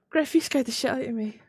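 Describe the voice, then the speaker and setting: A Northern Irish woman keeps up casual live-stream chat while gaming, swearing freely and laughing a lot. Her voice is high-pitched and slightly rough.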